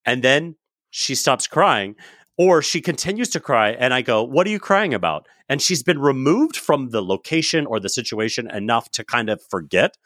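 A man's voice: medium pitch, animated, normal speed, fairly bright tone, dry recording, clean studio sound. A man co-hosting a parenting podcast in casual chat, joking and blunt with some swearing. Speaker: podcast co-host.

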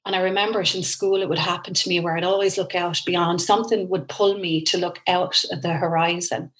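A woman's voice: fairly low pitch, fairly quick, low-quality recording. Irish woman telling a heartfelt story. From Ireland. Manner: earnest, emotional, animated storytelling. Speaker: guest. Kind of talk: storytelling interview.

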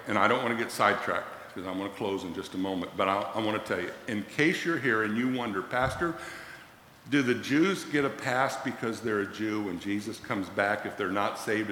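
A man preaching a sermon as a pastor, quoting scripture with dramatic, animated delivery. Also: lowish voice, slight background noise. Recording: echoey hall.

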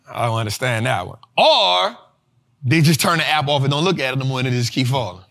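A man, lecturing a class on investing in an animated way and talking straight to his audience. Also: medium pitch, fairly quick, vocal fry. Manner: animated, talks straight to the audience, acts out students' voices. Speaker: investing teacher and show host.

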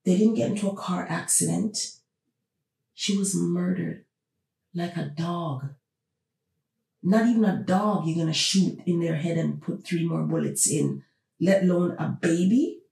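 Woman podcast host, gravelly, mellow voice, emphatic rhetorical questions, echoey room, far from the mic. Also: fairly low pitch. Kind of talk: opinionated podcast monologue. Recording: roomy, distant from the mic.

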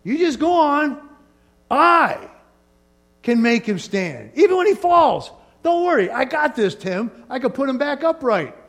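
A man's voice: very high voice, big pitch swings, a little slow, a bit bright, voice pushed up, full character voice. A man voicing God as a casual, reassuring fatherly figure in a sermon. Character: God, calm reassuring fatherly male deity.

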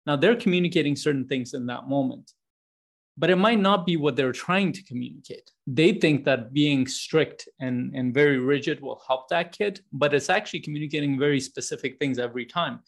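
Gravelly, fairly high-voiced male podcast host. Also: a little fast. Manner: conversational and rambling, with frequent restarts and fillers. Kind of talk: casual podcast monologue.

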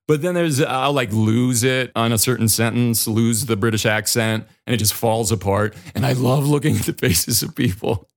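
Podcast host, middle-aged man, Dakota accent, mid-pitched, animated and self-deprecating. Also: normal speed, vocal fry, few pauses. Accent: American, Dakota. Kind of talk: casual solo podcast talk.

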